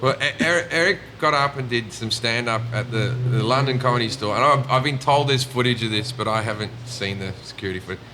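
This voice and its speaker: A man's voice: medium pitch, quick pace, few pauses, bright, forceful tone, slight background noise. A man with an Australian accent, a comedian chatting casually and telling stories, swearing and mimicking people. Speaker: comedian guest. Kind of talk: casual chat.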